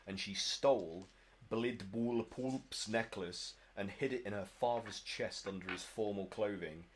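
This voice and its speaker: A man's voice: on the low side, unhurried. A British man running a tabletop game as game master, narrating in a rambling, stammering way, in a noisy home recording.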